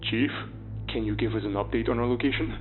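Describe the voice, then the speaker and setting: A man's voice: medium pitch, fairly even intonation, a little fast. A man voicing an exhausted male soldier reporting over a radio. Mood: weary. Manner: strained, weary radio reports. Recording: tinny radio line with music.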